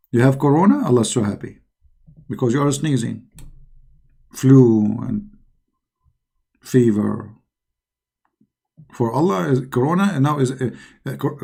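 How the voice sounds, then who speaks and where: A middle-aged man talks through a scoffing monologue, heavy with sarcasm and loose, non-native grammar. His voice sits low in brightness, mellow and a little husky. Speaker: online commentator. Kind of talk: mocking religious-critique monologue.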